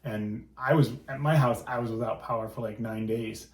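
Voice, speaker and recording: A man's voice: mid-range voice, steady tone, normal speed, a little mellow, reverberant. A man who is a guest on a podcast, reminiscing in a rambling, fond way. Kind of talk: casual chat.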